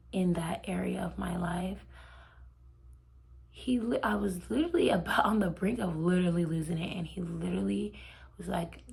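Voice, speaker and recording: A woman's voice: mid-range voice, gravelly, darkish tone. A young woman vlogger telling a personal faith story in a chatty, heartfelt way, often dropping to a near whisper. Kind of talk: casual faith storytelling to camera.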